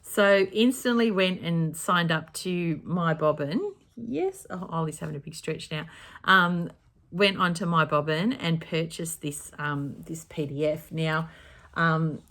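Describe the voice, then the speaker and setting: A woman with a notably low voice talks through her stitching plans in a relaxed, rambling way. She often backtracks and corrects herself mid-sentence, in the easy manner of a home craft vlog recorded in her craft room. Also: unhurried. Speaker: cross-stitch vlogger. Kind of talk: casual chat.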